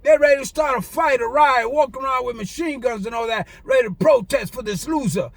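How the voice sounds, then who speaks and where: A man preaching an angry, taunting rant in a fiery preacher's cadence, often shouting. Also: very high-pitched, brisk, vocal fry, no echo. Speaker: online preacher.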